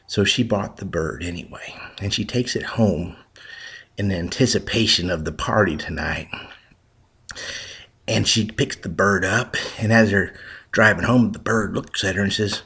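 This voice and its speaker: A man tells a folksy joke, meandering and restarting his sentences. His voice is low and husky. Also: unhurried, bright, forceful tone. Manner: rambling with restarts. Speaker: joke teller.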